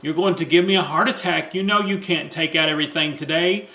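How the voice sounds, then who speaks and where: A man's voice: a little high, a little fast, pushed and bright, pitched above the performer's own voice. A man reading the part of a bossy, superstitious wife in a play, scolding and insistent, in an echoey room. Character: bossy superstitious wife fussing over New Year rules.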